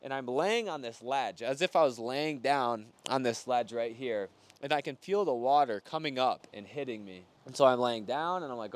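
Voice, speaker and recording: A man's voice: mid-range voice, normal speed, few pauses, a little hiss or hum. Earnest man sharing a faith story. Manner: earnest, loose and conversational, with filler "like". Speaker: faith vlogger. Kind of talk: personal testimony to camera.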